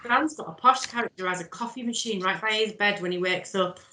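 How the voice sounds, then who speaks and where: A woman's voice: medium pitch, brisk, bright, forceful tone. A woman leading a drama workshop, giving step-by-step encouraging instructions. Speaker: workshop leader. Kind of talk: guiding a drama exercise. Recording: echoey room.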